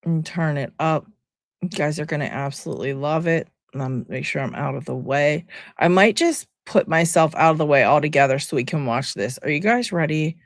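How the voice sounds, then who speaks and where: A woman's voice: sits low, brisk, dry recording, clean studio sound. A woman giving casual, sarcastic reaction commentary from home, talking to her viewers. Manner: sarcastic, exasperated, chatty. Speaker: commentary vlogger.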